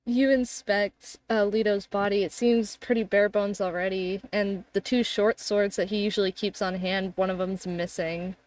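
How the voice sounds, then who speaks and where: A young woman narrating as game master, describing scenes in a calm, unhurried way. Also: medium pitch.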